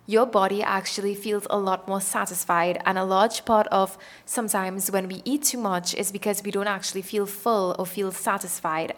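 A young adult woman hosting a self-help podcast, talking casually and earnestly and laughing at herself now and then. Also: mid-range voice. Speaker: podcast host.

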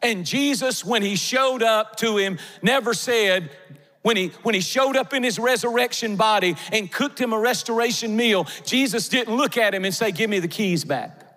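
Man, pastor, fervent sermon, high-pitched voice, big echoing church hall. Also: moderate pace. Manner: impassioned preaching, swelling to shouts. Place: church sanctuary with a congregation. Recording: long reverb of a large hall.

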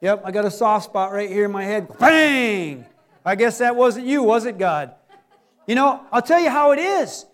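Middle-aged male pastor, folksy joking sermon, very high voice. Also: normal speed. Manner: folksy, joking, acts out little scenes.

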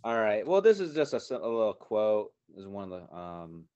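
Man, very low voice, dry dull recording, relaxed rambling storyteller. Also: a little fast, clear, resonant tone, dry recording. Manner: relaxed storytelling, many fillers. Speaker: podcast co-host. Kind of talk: casual spiritual chat.

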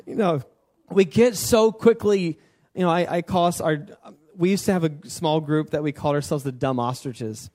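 A man with a somewhat high voice preaches a sermon. His delivery is animated and conversational, and he slips into God's words as if chatting. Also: normal speed. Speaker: pastor.

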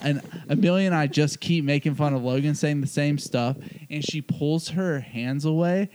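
A man's voice: on the high side, normal speed, darkish tone, clear, resonant tone. A young man in casual podcast chat, telling a funny story with lots of laughter. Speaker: podcast co-host.

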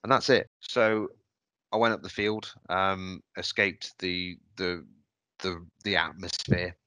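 Deep-voiced man, hesitant and reflective. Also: fairly even intonation, slow pace, bright, forceful tone, clean tone, no echo. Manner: hesitant and reflective, with frequent restarts. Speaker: podcast host. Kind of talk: personal storytelling on a podcast.

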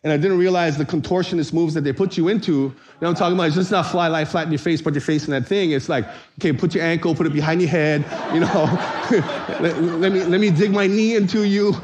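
A man's voice: a little high, fast talker, hardly any pauses. A man preaching a sermon, telling a comic story and acting out voices. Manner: animated storyteller, acts out voices, shouts for comic effect. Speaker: pastor.

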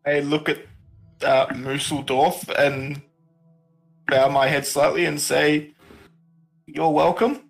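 A man's voice: on the high side, flat delivery, takes it slowly, gravelly, pauses often, faint music behind. A man playing a tabletop game who talks in a matter-of-fact way. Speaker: player.

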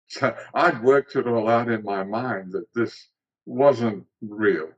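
A middle-aged man from South Africa, a guest telling an earnest, gently wry personal story in casual chat. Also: mid-range voice, slow pace, pauses often, husky, muffled recording.

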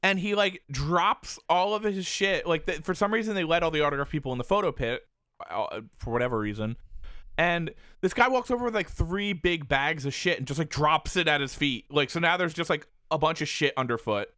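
A man's voice: a little high, fairly quick, clear, resonant tone, no room sound, clean studio sound. A man telling a long story in casual chat, swearing often and filling with "like". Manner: animated, profane, heavy use of "like".

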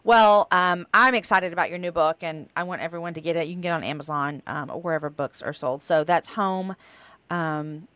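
A woman hosts a casual faith podcast. Her voice sits low, and she chats in an easy way with frequent agreeing yeahs. The sound is dry and close to the mic. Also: a little fast, clear, resonant tone, dry recording. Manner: warm, chatty, affirming with frequent yeahs. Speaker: podcast host.

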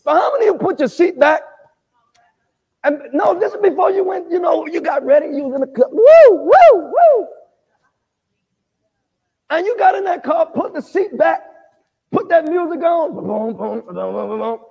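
A man preaching at a Bible study, animated, quizzing the congregation and rising to shouts. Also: very high-pitched, brisk, big-room sound, highs cut off. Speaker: pastor. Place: church sanctuary.

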